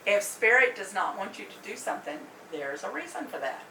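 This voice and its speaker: A woman tells a story as a guest in casual chat, chatty and quick to laugh. Her voice is bright and swings widely in pitch. She sounds set back from the mic in a roomy space with faint noise behind. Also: far from the mic. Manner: animated, chatty, laughs often. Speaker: medium and tarot reader, guest.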